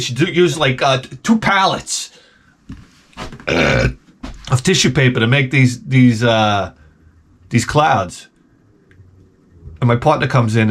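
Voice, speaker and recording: A man hosting his own channel, telling rambling comedic work stories full of asides and quick impressions. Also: mid-range voice. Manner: animated, jumps between impressions and asides. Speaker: channel host.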